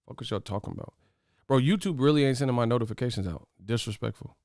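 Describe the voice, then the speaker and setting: A brash man riffing straight to his viewers, profane and mocking as he trash-talks a fighter. His voice sits at an ordinary pitch for a man, recorded close and dry with no room around it. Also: quick pace, darkish tone, no room sound. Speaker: host of a boxing commentary channel. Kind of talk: casual commentary to camera.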